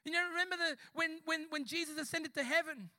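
A man delivers an impassioned sermon, calling out to the congregation as he preaches. His voice sits high and bright. The sound is dry and close, with little room echo. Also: a little fast. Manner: impassioned, addresses the congregation directly. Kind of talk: live church sermon with storytelling. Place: church service before a congregation.

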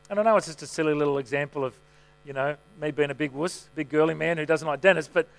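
Male pastor, middle-aged, higher voice; easy, storytelling sermon delivery. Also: fairly bright tone. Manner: conversational, self-mocking storytelling.

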